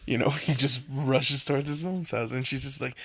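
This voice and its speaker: A man's voice: mid-range voice, moderate pace, gravelly, pushed and bright, no echo, studio quality. A young man casually telling a fan story, rambling with lots of "like" and jumping into quoted voices.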